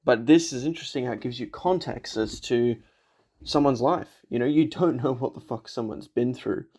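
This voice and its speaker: A man's voice: medium pitch, normal speed, a little mellow, slightly rough. A man giving a casual movie reaction commentary, laughing often, swearing and filling with "like" and "you know".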